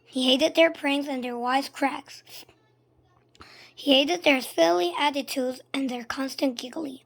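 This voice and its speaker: A woman reading a children's book aloud, expressive and sometimes dropping to a hush. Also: high voice, unhurried, vocal fry. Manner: expressive, shifting between loud and hushed. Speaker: storybook reader.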